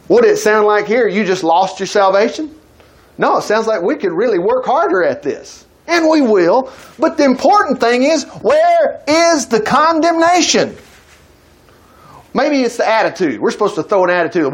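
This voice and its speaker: A man preaching a sermon in a conversational way, reading scripture aloud and acting out quoted voices, with sudden loud peaks and soft drops. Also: high voice, very animated, moderate pace.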